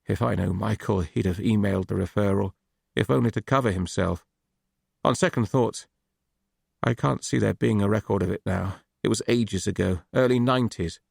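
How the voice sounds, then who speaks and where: A grieving man with a shaky, hesitant voice, low and gravelly, as an audiobook narrator puts him on. He sounds close and dry, with no room around him. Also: normal speed, no room sound. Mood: shaken.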